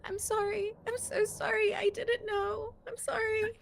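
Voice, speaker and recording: A woman's voice: steady tone, moderate pace, fairly bright tone, slight background noise, close to an everyday voice. A woman voicing a young woman who sobs through broken, guilty apologies. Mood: sobbing. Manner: tearful, high, broken apologies.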